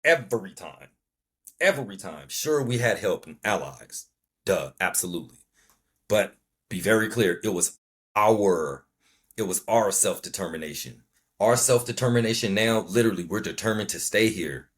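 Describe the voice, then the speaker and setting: Husky-voiced man giving fervent podcast commentary. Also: on the low side, expressive, normal speed. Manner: fervent, preachy, repeats key words for emphasis, swears. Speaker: podcast host. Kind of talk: impassioned solo podcast commentary.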